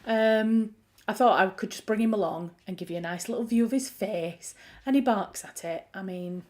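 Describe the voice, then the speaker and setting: A woman with a Yorkshire accent, a writer hosting a relaxed livestream, chatting loosely and answering viewers from home. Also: medium pitch, normal speed. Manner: chatty, self-described chaotic, answers chat messages. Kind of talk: casual livestream chat. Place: at home with her dog.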